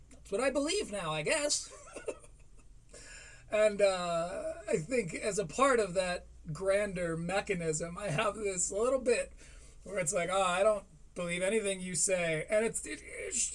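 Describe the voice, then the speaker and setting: A man hosting a live stream, commenting casually in a chatty, self-deprecating way. His voice is notably high for a man, and he keeps tossing in quick asides. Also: far from the mic. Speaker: streamer host.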